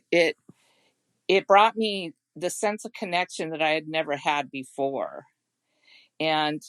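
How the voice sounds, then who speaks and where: A middle-aged woman, a home care consultant, telling personal stories in a podcast interview in an earnest, gentle way. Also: lowish voice, no room sound. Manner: earnest and gentle, with frequent restarts.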